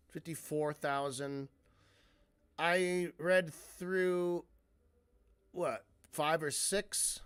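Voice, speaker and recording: A man's voice: a little high, fairly bright tone, clean tone, dry recording. A man giving casual reaction commentary as a streamer, rambling, cutting himself off mid-sentence and swearing freely.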